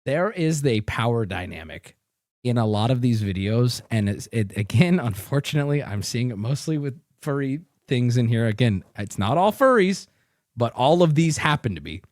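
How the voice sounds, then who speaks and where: A man's voice: medium pitch, sing-song, moderate pace, no room sound, clean studio sound. A male streamer doing profane reaction commentary, ranting in disbelief. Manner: incredulous ranting, swings up loud.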